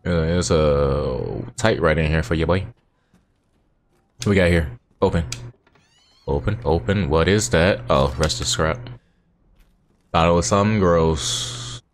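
A man hosting his gaming channel, chatting casually over his gameplay with relaxed, slangy banter and talking back at the game. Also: rumbling low, measured pace, long pauses, a little hiss or hum.

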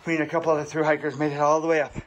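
Out of breath while hiking a mountain trail, a man vlogs to his viewers, talking at a racing pace in a slightly high voice with little pitch movement. He's chatty, calls the viewers "guys," and uses lots of fillers; the sound is lo-fi with no echo.

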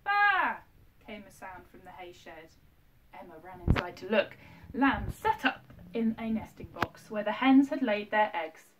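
A woman teacher filming herself at home, reading a picture book aloud to her class in a gentle, expressive way with little asides to the children. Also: mid-range voice, normal speed. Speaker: primary school teacher. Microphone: self-filmed camera. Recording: distant mic, faint background noise.

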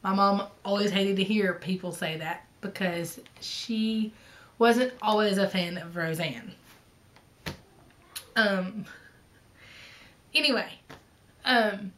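A woman's voice: mid-range voice, a bit bright, low-quality recording. A woman in her thirties with a Southern accent, hosting a casual vlog in a chatty, rambling way with lots of ums and asides. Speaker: flosstube host.

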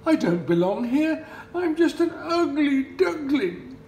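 A shy little duckling in a storybook, his voice lifted high and thin, small and wavering, often trailing into a sigh, as a man puts him on. It rings in an echoey room with a faint hiss behind. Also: sing-song, slow pace, vocal fry, darkish tone, exaggerated voice. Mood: timid. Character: timid young male ugly duckling, later a swan. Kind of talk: storybook read-aloud.

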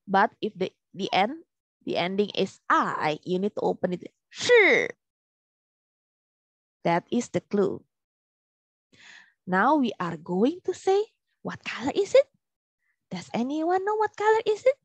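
In a dry recording, a woman with a medium-pitched voice and big pitch swings runs a Mandarin vocabulary drill for a class. She stretches each tone out slowly and repeats words patiently.

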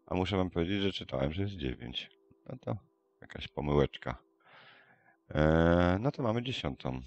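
A man's voice: sits low, expressive, brisk, a little mellow, dull audio. A man, casually commenting on a game and thinking aloud as he reads out codes. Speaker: gameplay commentator.

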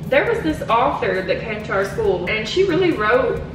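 A woman's voice: on the high side, sing-song, normal speed. A young woman chatting casually in a cooking vlog, playful and dramatic, often giggling and complaining. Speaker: vlogger. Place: home kitchen. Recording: echoey kitchen, far from mic, music behind.

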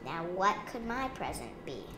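A woman's voice: on the low side, sing-song, a little slow, roomy sound, background noise. A woman voicing a big, patient father polar bear in a picture book, mild and a little weary.

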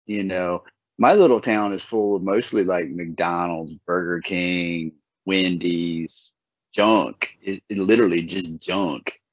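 A podcast host spins stories in a laid-back, folksy style, drawing out his words during a casual chat. His voice sits low with fairly even intonation, and the lo-fi recording is dull and dry with no room sound.

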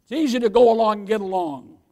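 A man's voice: sits high, quick pace, dark tone. A male pastor preaching a sermon emphatically, often calling his listeners "beloved" and asking them for an amen.

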